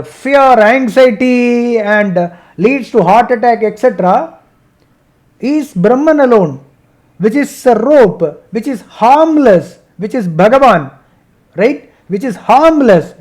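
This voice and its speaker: Guy teaching gita on a video call, high voice, chants sanskrit then explains slow, keeps saying right?. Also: a little mellow. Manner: explains slowly, repeats points, asks "right?"; chants Sanskrit verses between English explanation. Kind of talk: scripture discussion lesson.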